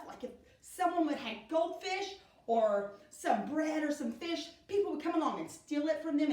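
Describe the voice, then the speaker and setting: A middle-aged woman gives a children's Bible lesson in a slow, sing-song storytelling way. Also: medium pitch, darkish tone. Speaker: Sunday school teacher. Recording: echoey room, speaker far from mic.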